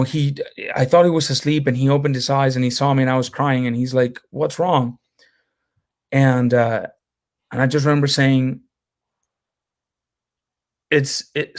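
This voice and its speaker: A man hosting a podcast tells an earnest personal story, with many uh and um fillers. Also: mid-range voice. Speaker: podcast host. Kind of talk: casual interview chat.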